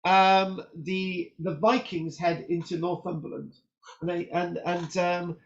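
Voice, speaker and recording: High-voiced man giving a chatty lecture. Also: slow pace, highs cut off. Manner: animated, chatty, frequent restarts and "right?" tags. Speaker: history teacher. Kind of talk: informal lecture with notes on screen.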